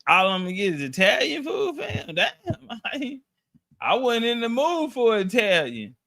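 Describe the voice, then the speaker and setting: A man telling a travel story in loose, slangy casual talk, full of restarts and profanity, sometimes sinking to a low mutter. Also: wildly swooping pitch, moderate pace, gravelly, sharp tone.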